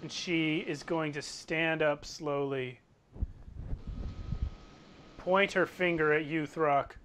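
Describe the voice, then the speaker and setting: Game master man, slightly high voice. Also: steady tone, slow pace, a bit bright, slight background noise. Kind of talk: narrating a tabletop game.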